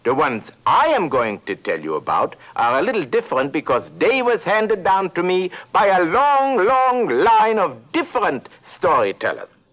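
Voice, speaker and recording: In a high, sing-song voice that's a bit bright, a man voices an eccentric old duck professor at a moderate pace with hardly any pauses. He giggles, rambles and self-corrects through playful storybook narration meant for a talking toy.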